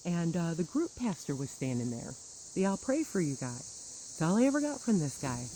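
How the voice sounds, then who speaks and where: A woman's voice: sits low, big pitch swings, normal speed, warm tone, slight background noise, poor audio. A woman telling a personal grievance story in a bitter, sarcastic monologue with wry laughs. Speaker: churchgoer recounting grievances.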